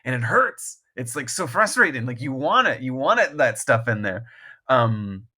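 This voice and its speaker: An expressive man with a mid-range voice and a sharp tone speaks at a moderate pace. As the guest author on a casual podcast, he rambles, jokes at his own expense, restarts a lot and laughs often in the middle of thoughts.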